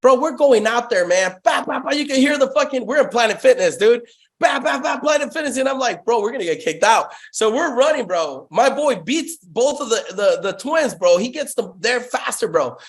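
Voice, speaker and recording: A man's voice: very high voice, animated, normal speed, few pauses. A young man telling sales stories in a casual interview, profane and hyped, saying "bro" constantly. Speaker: guest, sales company founder.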